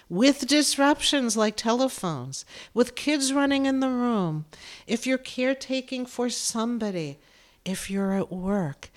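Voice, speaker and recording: A woman medium and author giving a gentle, soothing spiritual talk, emotional at times. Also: medium pitch. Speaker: medium and author, podcast host.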